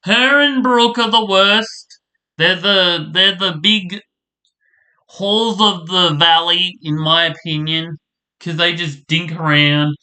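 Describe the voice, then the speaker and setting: A man's voice: sits high, fairly even intonation, slow, pushed and bright. A man casually ranting as he reviews a soap opera, rambling, exasperated and swearing freely.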